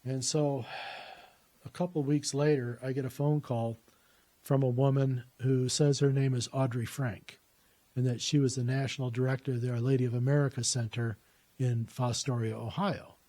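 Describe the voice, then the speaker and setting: A man's voice: mid-range voice, little pitch movement, normal speed, dark tone. A man telling a personal story in a conversational way, recounting what people said to him.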